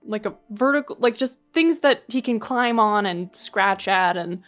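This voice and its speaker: A woman's voice: medium pitch, lively intonation, a little slow, faint music behind. Hesitant woman filling with "like". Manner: hesitant, full of fillers. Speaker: player. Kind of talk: casual tabletop role-play.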